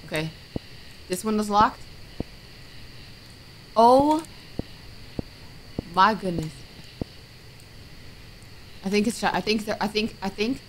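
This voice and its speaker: Taking it slowly and pausing often, a woman streamer with a mid-range voice and lively intonation narrates her horror game playthrough over slight background noise. She reads on-screen text aloud, mutters the names of items and gives jumpy, scared exclamations.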